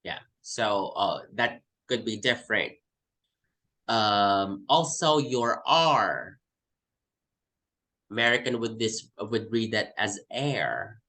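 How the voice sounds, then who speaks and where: A man's voice: on the low side, slow, pauses often, pushed and bright, rough recording. A man from the Philippines, teaching an English test class and explaining by repeating example words. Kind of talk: online class lesson.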